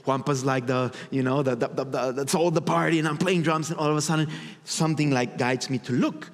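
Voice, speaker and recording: Brief: male motivational speaker, fairly high voice, lively storyteller on stage, long hall reverb. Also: brisk. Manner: animated, acts out his inner voices.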